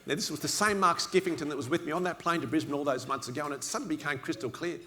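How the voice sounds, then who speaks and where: A middle-aged man with an Australian accent spins a comic yarn for a dinner crowd. His delivery is dry and self-mocking, loose and chatty, pitched a touch higher than most men. A faint background noise sits under his voice. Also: racing, pushed and bright. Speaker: after-dinner speaker. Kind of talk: humorous storytelling speech. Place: dinner event before an audience.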